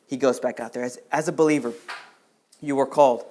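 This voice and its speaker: A man preaching a sermon as pastor, moving between loud urgent questions and quiet low passages, and calling on people in the congregation by name. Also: steady tone, fairly quick, a little hiss or hum. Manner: addresses congregation members by name.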